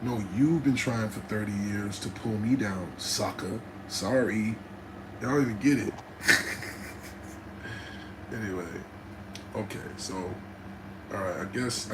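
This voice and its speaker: Guy ranting on his livestream, middle-aged, loud and blunt, cusses a lot. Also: medium pitch, slight background noise, low-quality recording. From New Jersey. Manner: passionate and aggressive, blunt and profane. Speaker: livestream host talking to viewers. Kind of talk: unscripted livestream rant.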